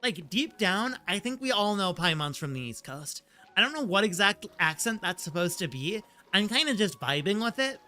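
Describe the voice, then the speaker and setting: A man's voice: sits high, very animated, moderate pace, bright, forceful tone. A man streaming a game and chatting casually, rambling with lots of "like" fillers and laughing easily. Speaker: streamer and voice actor. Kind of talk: casual gaming stream chat. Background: faint game music.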